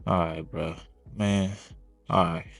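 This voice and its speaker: A man with a very low, deep voice reacting to a clip in casual commentary. He sounds incredulous and exasperated, firing off rhetorical questions and cursing freely. Soft music plays faintly behind him. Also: fairly even intonation, takes it slowly, vocal fry. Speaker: reaction video host.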